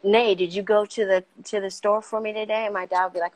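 A middle-aged woman, a guest in a conversation, talking with passion and emphasis and getting louder as she presses a point. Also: medium pitch, steady tone, fast, hardly any pauses, low-quality recording. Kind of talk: casual conversation.

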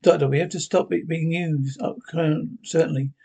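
A man with a husky voice reading the lines of an eccentric male time traveller, naming the character before each line. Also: on the high side, steady tone, moderate pace, darkish tone. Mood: brisk.

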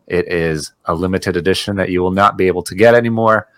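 A man's voice: low-pitched, quick pace, dry recording. A man co-hosting a podcast, chatting casually and joking, laughing often. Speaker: podcast co-host. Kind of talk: casual chat.

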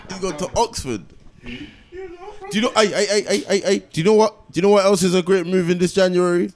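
A man's voice: high-pitched, brisk, a little mellow, a little hiss or hum. A young man, trading teasing, sing-song jabs in casual football banter. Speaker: football podcast co-host.

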